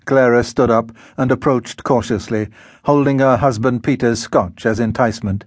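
A man narrating a novel in a measured, unhurried way. His pitch is mid-range and even. The studio sound is dry and close. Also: dry recording. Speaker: audiobook narrator. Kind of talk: scripted narration. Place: recording studio.

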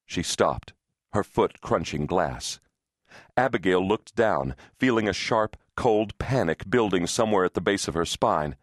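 A man with a fairly low voice narrating a thriller audiobook. He reads in a steady, tense storytelling manner. The recording is dry and close, with no room sound. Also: normal speed, no room sound.

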